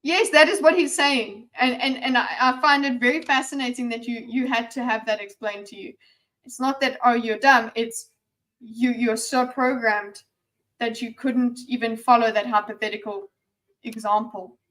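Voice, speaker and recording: A chatty woman with a slightly high voice, giving casual commentary as she reacts to a video. She talks in an animated way, stumbles over repeated words and restarts her sentences, and sometimes drops almost to a whisper. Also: normal speed.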